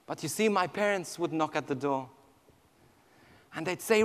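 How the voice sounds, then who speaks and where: A man, a priest, telling a personal testimony with emotional storytelling that swings from hushed to near shouting. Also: fairly high pitch, lively intonation, normal speed. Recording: long hall reverb.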